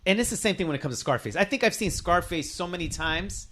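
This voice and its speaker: A man's voice: sits high, animated, fast talker, a bit bright. A man, a stand-up comedian from Northern California, chatting casually on a podcast, laughing, swearing and slipping into movie-quote voices. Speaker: comedian guest.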